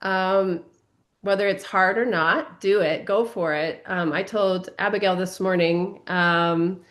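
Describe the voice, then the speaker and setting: A woman's voice: mid-range voice, fairly even intonation, takes it slowly, fairly bright tone. Woman speaker cheering everyone on, lots of um, medium voice. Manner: upbeat, encouraging, many fillers. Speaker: summit speaker. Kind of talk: informal speech to a group.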